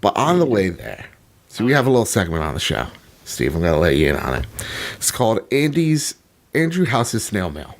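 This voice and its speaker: Male co-host, animated and profane, rambling comic storyteller. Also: lowish voice, brisk. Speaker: podcast co-host. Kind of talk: casual comedic chat.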